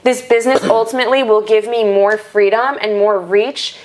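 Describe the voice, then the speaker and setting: A woman's voice: medium pitch, steady tone, normal speed. A young woman guest on a podcast, telling a heartfelt, emotional story in casual chat with lots of "like" fillers. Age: young adult. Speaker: guest, entrepreneur.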